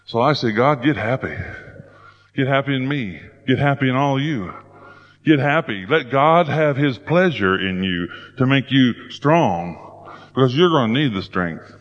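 A man preaching in a folksy, storytelling way, with plenty of play in his delivery. His voice sits at a middle pitch. The recording sounds dull and lo-fi. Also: unhurried. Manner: folksy storytelling, playful and animated. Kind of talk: sermon.

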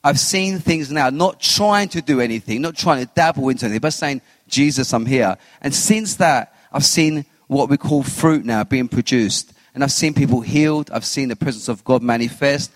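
A man's voice: medium pitch, moderate pace, hardly any pauses, no echo, big-room sound. Guy sharing his testimony, acts out his own lines, dry close sound. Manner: animated storyteller who acts out his own quotes. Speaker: interview guest. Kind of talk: personal faith testimony.

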